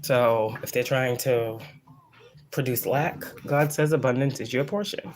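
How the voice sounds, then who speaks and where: Blunt and profane, a woman psychic rambles and preaches through a casual channeled spiritual reading, repeating phrases to drive points home. Her bass voice is unhurried, and there's noise in the background.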